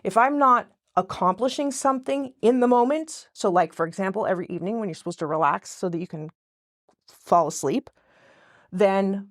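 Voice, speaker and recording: A woman's voice: medium pitch, normal speed. A woman guest in casual podcast conversation, talking in a rambling way that often breaks off and restarts mid-sentence. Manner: rambling, self-interrupting, frequent restarts.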